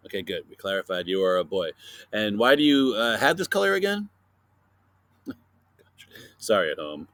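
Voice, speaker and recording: A man hosting a casual science podcast for kids, playfully interviewing a silent guest and filling pauses with chatter. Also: fairly low pitch, a bit bright, no room sound. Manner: chatty with many fillers. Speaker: podcast host.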